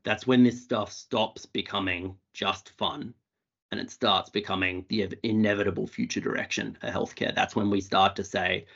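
A man with an Australian accent giving a quick, wry, plain-spoken talk to an audience on a video call. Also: on the low side, fairly even intonation, creaky, a bit bright, slightly rough. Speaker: conference speaker. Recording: dull lo-fi call audio.

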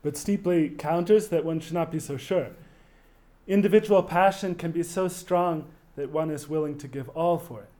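A man giving a literature lecture, thoughtfully talking through a novel and reading quoted passages aloud, with pauses and restarts. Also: a little high, dark tone.

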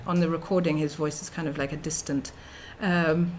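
A middle-aged woman delivers an academic lecture in a somewhat low voice, thinking aloud with many fillers and restarts. A faint noise sits behind her voice. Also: fairly even intonation, moderate pace. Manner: thoughtful, with frequent fillers and restarts. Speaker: researcher giving a talk.

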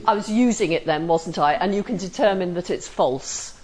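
A woman's voice: lowish voice, moderate pace, darkish tone, poor audio. A woman lecturing a class, constantly checking that students follow and acting out example sentences with dry humor. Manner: questioning, asks the class for agreement.

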